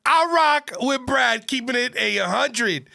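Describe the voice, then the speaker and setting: A man's voice: very high-pitched, takes it slowly, gravelly, sharp tone, a little hiss or hum. A man hosting a reaction video, cheering on a comedy clip with short hyped slang interjections.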